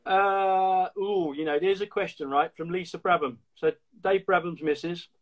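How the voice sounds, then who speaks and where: Slightly high-voiced man hosting a chat. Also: moderate pace. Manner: relaxed, reads out viewer questions. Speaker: host, former racing driver. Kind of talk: casual chat on a live stream. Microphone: phone or laptop mic on a video stream.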